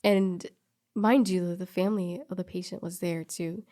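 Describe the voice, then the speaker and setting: A woman's voice: fairly low pitch, normal speed. A woman casually recounting a story, acting out the other people's lines and laughing often. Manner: animated, quotes people in dialogue, laughs often.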